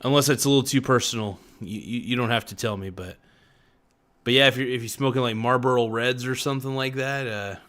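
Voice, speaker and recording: Hosting a casual livestream, a man chats loosely with viewers in the chat, his voice slightly sore. He's laid-back and chatty, dropping "man" and "dude" often, with a mid-range, fairly bright voice at a little fast pace.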